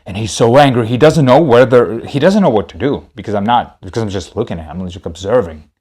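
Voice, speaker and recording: A man's voice: lowish voice, fast talker, a little mellow, slightly rough. A man telling a comedic story on a podcast, rambling and repeating himself.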